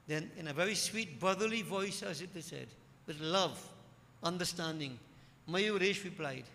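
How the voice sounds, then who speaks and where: A male preacher delivers an emphatic sermon, repeating key phrases and swelling louder on his main points. His voice is bright, a little high, and rings in the long echo of a hall. A faint murmur sits underneath. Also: normal speed, gravelly. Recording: echoey hall with faint ambience.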